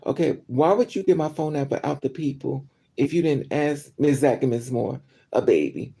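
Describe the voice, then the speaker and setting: A woman chatting on a livestream, telling a story in an animated way with sudden outbursts. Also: extremely low pitch, moderate pace, creaky, husky. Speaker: livestream host. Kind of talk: casual storytelling.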